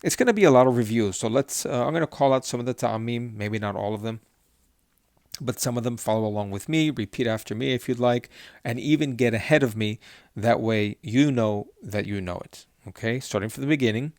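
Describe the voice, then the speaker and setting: A man teaching a lesson, patiently encouraging his students as he alternates slow chanted readings with quick explanations. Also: medium pitch, darkish tone, no room sound, clean studio sound. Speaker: Hebrew cantillation teacher.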